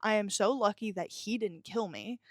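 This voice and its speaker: A woman's voice: medium pitch, normal speed, no room sound, clean studio sound. A young adult woman hosting a podcast, talking bluntly and emphatically about her own life and swearing often. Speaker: podcast host. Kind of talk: personal confessional monologue.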